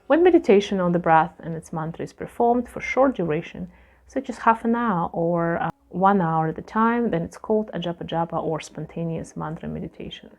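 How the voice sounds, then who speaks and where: A woman teaching yoga who reads passages from a scripture and then explains them loosely in her own words, with many pauses and fillers. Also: fairly low pitch.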